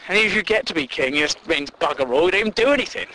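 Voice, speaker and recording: A man's voice: a little high, animated, fast, bright, forceful tone, slight background noise, low-quality recording. A man rambling through a sweary comic monologue and chuckling at his own jokes.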